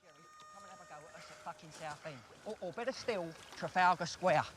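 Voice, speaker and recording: An actor with a period Cockney accent playing a crude British soldier who rants and swears. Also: male voice, on the high side, brisk, lightly acted. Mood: ranting. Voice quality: profane, rambling rant. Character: crude, ranting British army soldier, adult. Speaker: soldier in a war film. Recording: film clip with crowd noise.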